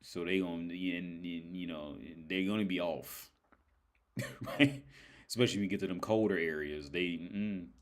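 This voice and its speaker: A man's voice: low-pitched, normal speed. A man hosting a livestream, telling rambling stories in a casual, profane way and laughing often, tired. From United States. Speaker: livestream host. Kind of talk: casual storytelling monologue.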